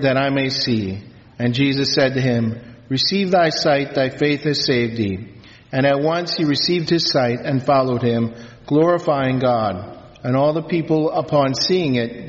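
A man, a priest, reading scripture and preaching a sermon in a solemn, measured way in a church. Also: fairly high pitch. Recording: reverberant church, dull lo-fi sound.

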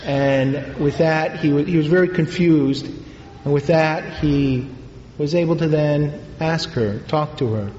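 Priest guy preaching, halting storyteller, roomy echo, faint hiss behind. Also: a little high, a little mellow. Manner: unhurried, halting storytelling with fillers. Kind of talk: sermon storytelling. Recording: echoey hall, dull lo-fi sound.

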